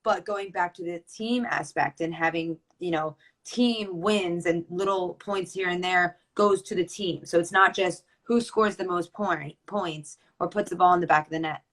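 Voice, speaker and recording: A woman's voice: on the low side, fairly even intonation, moderate pace, hardly any pauses, a bit bright, rough recording. A woman in her twenties, a lacrosse player and college coach, chatting casually with many ums and restarts. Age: 20s. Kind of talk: casual chat.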